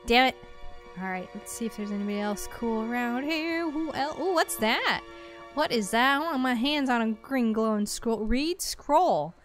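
A woman hosts a video game stream in a loose, chatty way. Her voice sits high, and she fills the play with quick little exclamations as she explores. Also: animated, soft background music. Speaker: streamer and show host. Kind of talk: casual let's-play commentary.

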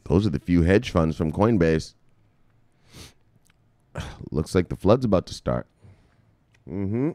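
Deep-voiced man preaching about crypto. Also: animated, takes it slowly, long pauses, warm tone, no room sound. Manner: preachy storytelling, crude and joking. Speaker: crypto video host. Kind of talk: mock-sermon crypto commentary.

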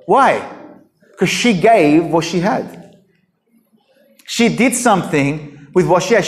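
A man preaching a sermon in a conversational, emphatic storytelling way. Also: high-pitched. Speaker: pastor.

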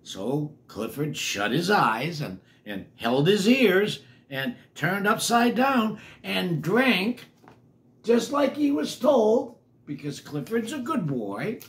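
A man's voice: high voice, very animated, slow pace, few pauses, a bit bright. Chatty grandfather reading a storybook. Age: older. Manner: chatty, asks the kids questions between pages. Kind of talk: reading a picture book to children.

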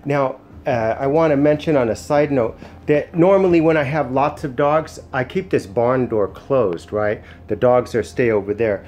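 A man who sits and trains dogs, explaining casually at home. He alternates soft, soothing praise with short, firm commands. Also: mid-range voice, moderate pace, a little hiss or hum. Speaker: dog sitter and trainer. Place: indoors at home.

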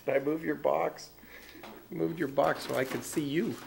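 A man's voice: on the high side, normal speed, creaky. Chatty man on a hissy home video. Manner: lively, animated storytelling with laughter. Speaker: family member filming a birthday party. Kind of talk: casual home-video chat. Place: indoors at a home birthday party. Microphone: home video camera.

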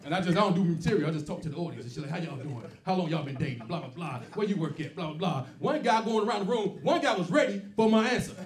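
A man doing a stand-up comedy set, telling loud, animated stories and acting out the people in them. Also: high voice, quick pace, few pauses. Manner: loud animated storytelling with acted-out quotes. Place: comedy club stage. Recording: roomy club sound from a distance with loud crowd laughter. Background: audience laughing.

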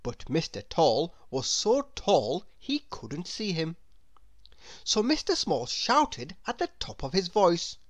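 A woman reading a children's picture book aloud in a slow, expressive, sing-song storytelling voice. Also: on the low side. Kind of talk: children's read-aloud narration.

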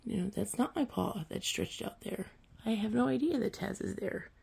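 A woman's voice: mid-range voice, moderate pace, vocal fry, a little mellow, husky, heavily acted. A woman playing a coy princess cat. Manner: breezy feigned innocence. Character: coy pampered female house cat, innocent princess.

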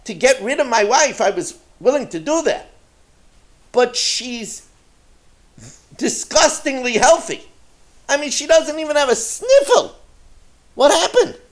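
A man voicing a stingy, brash, complaining townsman in a storytelling sermon, with loud, exaggerated whining. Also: extremely high pitch, lively intonation, slow pace, long pauses, voice pushed up, exaggerated voice.

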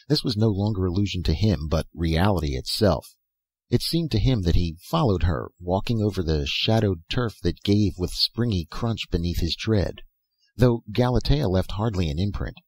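A man narrates a fiction audiobook in a measured, even reading. His voice is very low and husky. The recording is dry, with no room sound. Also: no room sound. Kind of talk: scripted narration.

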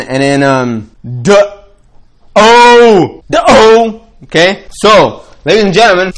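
A man's voice: a little high, fairly bright tone. A man chatting casually to camera as a vlogger, rambling and playful, checking in with the viewer again and again. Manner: rambling and playful, keeps checking in with "okay?" and "right?". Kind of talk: casual vlog chat to camera.

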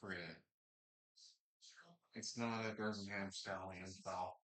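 A man's voice: sits low, steady tone, slow, a bit bright, echoey room. A man chatting casually and rambling through a live game reaction while he eats. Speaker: live sports reaction streamer.

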